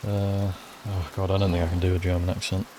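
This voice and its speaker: A man's voice: sits low, completely flat delivery, quick pace, background noise. A man commentating a game playthrough, blunt and self-deprecating, swearing freely. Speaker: gaming streamer. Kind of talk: let's play commentary.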